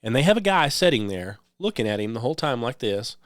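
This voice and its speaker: A male radio host delivers a loose, rambling monologue, checking in with "okay?" and filling pauses with "um". His voice sits at an ordinary middle pitch. The recording is dry, with no room sound. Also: big pitch swings, no room sound. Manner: conversational, repeats "okay?" and "um" often.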